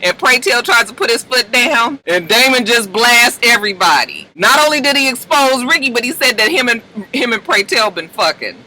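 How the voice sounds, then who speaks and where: Guy with a high bright voice doing a chatty tv recap, acts out all the lines, keeps saying honey. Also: normal speed, rough recording. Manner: animated storytelling, acts out the characters' lines; chatty, addresses viewers as "honey". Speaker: TV episode reviewer. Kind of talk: casual TV recap.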